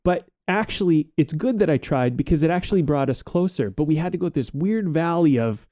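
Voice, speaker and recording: Man in a podcast chat, warm mellow voice, dry close mic, muses out loud and curses casually. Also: a little high, expressive, fairly quick, no room sound. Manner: reflective, rambling, swears casually. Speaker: podcast co-host.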